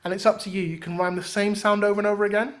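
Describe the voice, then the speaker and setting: A man with a slightly high voice teaches a rap workshop in a relaxed, chatty way. He drops in rhythmic examples and often pauses on "um". It sounds like an easygoing class. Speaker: workshop leader and rapper. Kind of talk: casual teaching talk.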